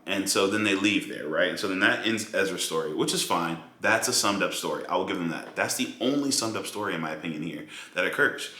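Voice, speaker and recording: A man giving a casual, animated film review monologue with lots of fillers and mocking asides. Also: low voice, roomy sound. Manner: animated, mocking quoted voices, many fillers.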